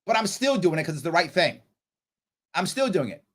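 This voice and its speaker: A man's voice: high voice, very animated, fairly quick. A man hosting a political livestream, reading chat comments aloud and answering them bluntly, at times scolding a commenter heatedly. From New York. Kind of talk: live-stream talk reading chat comments.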